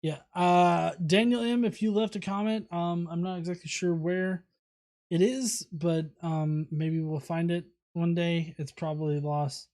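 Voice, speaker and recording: A man's voice: fairly high pitch, fairly even intonation, unhurried, a little mellow. A man hosting a livestream, casually reading viewer comments aloud with many fillers and restarts. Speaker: host.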